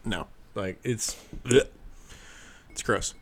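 A man's voice: on the low side, slow, gravelly. Blunt, outspoken man in casual chat. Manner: blunt, outspoken, swears freely. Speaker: podcast co-host.

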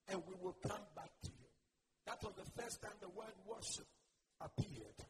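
A man's voice: sits high, lively intonation, moderate pace. A male pastor preaching a sermon, calling on the congregation to repeat after him. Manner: preaching with call-and-response to the congregation. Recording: loud background noise.

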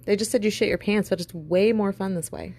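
A woman's voice: mid-range voice, a little fast, mellow. A woman co-hosting a podcast, chatting casually and playfully with frequent laughs. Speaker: podcast co-host. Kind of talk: casual chat.

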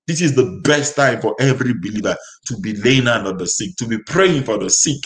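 A man's voice: medium pitch, animated, fast, low-quality recording. Emphatic male preacher. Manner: emphatic, repetitive declarations. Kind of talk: sermon.

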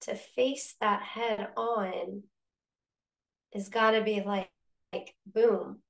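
As a podcast guest, a woman shares a personal faith story in a casual, animated way, doing the voices of the people in it. Her pitch is medium, her pace extremely slow, and her voice has vocal fry.

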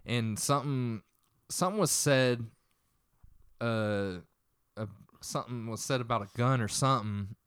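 A man's voice: medium pitch, unhurried, a bit bright, clean tone, no room sound, studio quality. A young man casually retelling a tense story in a profane, rambling way.

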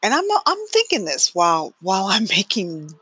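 A middle-aged woman hosts her own podcast and tells a family story in a loose, chatty monologue, laughing often and restarting sentences. Her voice is bright and a little breathy. The recording is close and dry. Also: medium pitch, huge pitch swings, normal speed, no echo. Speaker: podcast host.

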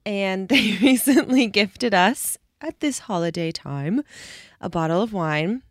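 A young adult woman co-hosting a casual chat podcast in a studio, chatty and quick to laugh. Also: medium pitch, expressive, no echo. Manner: giggly, chatty. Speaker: podcast co-host, publicist. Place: recording studio.

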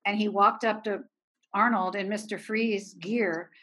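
A woman in her sixties from Erie, a film producer guest, telling lively anecdotes and laughing often. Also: medium pitch, unhurried. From Erie, Pennsylvania. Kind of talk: anecdotal storytelling.

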